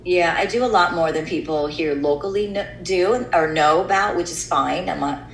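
A woman's voice: fairly low pitch, moderate pace, creaky, echoey room, a little hiss or hum, poor audio. A middle-aged woman with an American accent, a radio host chatting candidly and casually, dropping in "you know" often. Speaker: radio host and voiceover artist. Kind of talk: casual chat.

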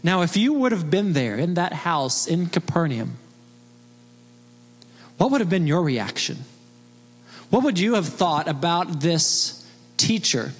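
Male pastor, high voice, emphatic sermon delivery full of rhetorical questions, long hall reverb. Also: big pitch swings, unhurried, long pauses, husky.

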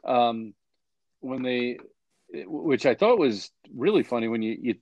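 A man's voice: medium pitch, animated, unhurried, a little mellow, no room sound, highs cut off. A man hosting a casual chat about basketball memories, rambling with many fillers and restarts. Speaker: podcast host.

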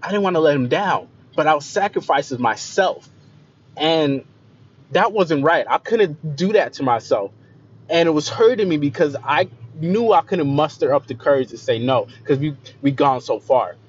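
A young man telling a personal story in a confessional way, repeating himself and often trailing off softly, on a dull lo-fi recording. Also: fairly high pitch, lively intonation, normal speed. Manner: emotional, repeats phrases, voice trails off quieter. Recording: slightly dull lo-fi recording with faint noise.

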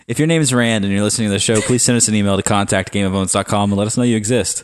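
A man's voice: fairly low pitch, racing, smooth, no room sound, studio quality. A man co-hosting a podcast in casual chat, joking and laughing often. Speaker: podcast co-host.

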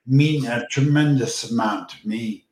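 A man's voice: mid-range voice, a little slow, darkish tone. A man hosting a casual online chat, speaking with emotion and gratitude. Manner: emotional, grateful, choked up. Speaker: host. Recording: echoey room.

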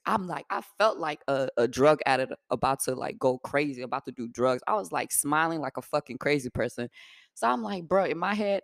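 A young woman from Africa hosting a podcast, telling a story in a blunt, profane, animated way. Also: deep voice, vocal fry, no room sound, studio quality. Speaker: podcast host. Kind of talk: casual storytelling.

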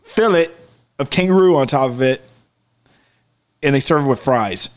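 A man's voice: mid-range voice, lively intonation, moderate pace. A man in casual chat, telling rambling stories full of fillers and swearing.

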